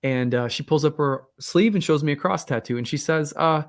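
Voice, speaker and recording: A man's voice: fairly high pitch, a little fast. A man hosting an astrology channel, telling a personal story in a candid, rambling way with many fillers and self-deprecating asides. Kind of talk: casual storytelling monologue.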